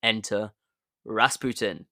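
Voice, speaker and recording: A man's voice: fairly low pitch, slow, pushed and bright. Jokey man hosting a podcast. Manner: chatty and jokey, with sudden emphatic bursts and asides. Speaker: podcast host. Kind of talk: comedic storytelling podcast.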